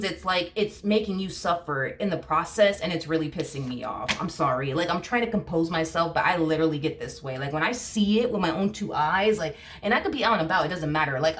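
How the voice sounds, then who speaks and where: A woman's voice: lowish voice, a bit bright, distant mic. A woman giving a tarot reading, ranting heatedly and swearing often as she gets worked up. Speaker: tarot reader. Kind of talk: casual tarot reading monologue.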